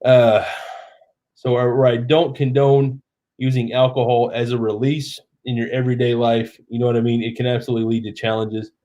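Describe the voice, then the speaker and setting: A man's voice: medium pitch, level tone, brisk, dark tone. A man in his thirties, tipsy, hosting a live stream in chatty, rambling casual talk. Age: 30s.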